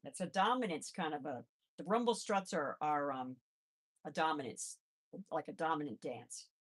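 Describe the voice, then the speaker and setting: Speaking at a normal pace in a low voice, a woman runs a casual live chat as a rabbit foster carer. She pauses her replies to viewers to handle her pets and talk baby talk to them.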